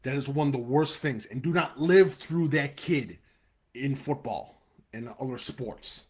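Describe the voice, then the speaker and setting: A high school football show host with a Chicago-area American accent speaks a little slowly in a husky, darkish, medium-pitched voice. Hosting a live webcast, he's blunt and fired up, ranting and previewing the game, swearing and then apologizing.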